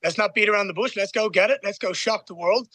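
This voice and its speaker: A man speaking in an interview, confident and eager. His voice is high and bright, with a dry, close sound. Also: fast talker, no room sound. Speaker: fighter interviewed.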